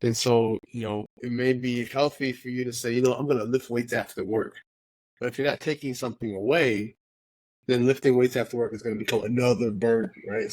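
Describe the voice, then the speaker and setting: Man co-host, mid-pitched, emphatic and animated, dry studio mic. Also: no room sound. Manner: emphatic, repeats words when excited, laughs easily. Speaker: podcast co-host. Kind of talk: casual podcast conversation.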